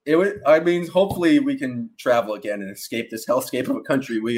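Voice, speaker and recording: A man's voice: mid-range voice, fast, hardly any pauses. A man co-hosting a sports podcast, chatting loosely and joking, with fillers and trailing sentences. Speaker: podcast co-host. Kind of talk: casual sports podcast chat.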